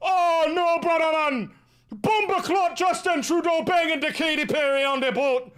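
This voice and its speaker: A man putting on a loud rowdy patois dude. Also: extremely high pitch, moderate pace, pitched above the performer's own voice. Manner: shouty, over-the-top.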